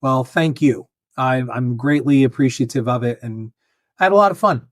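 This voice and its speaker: A man's voice: medium pitch, moderate pace, no room sound, studio quality. A man telling funny personal stories as a podcast guest, acting out the other people in them. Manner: animated, acts out voices in anecdotes. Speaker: guest filmmaker and author. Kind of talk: casual storytelling.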